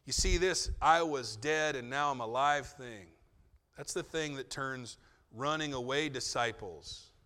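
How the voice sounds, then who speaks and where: Bright-voiced male pastor preaching casually. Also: mid-range voice, unhurried, in a large hall. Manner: conversational, joking asides, acts out quotes. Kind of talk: sermon.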